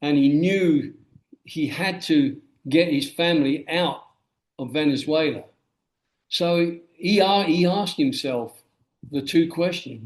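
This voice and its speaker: A man's voice: on the high side, takes it slowly. A man being interviewed about his memoir, telling stories and acting out the things people said to him. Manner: animated storyteller who acts out quoted dialogue. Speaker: guest, memoir author. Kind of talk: storytelling interview answer. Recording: roomy echo.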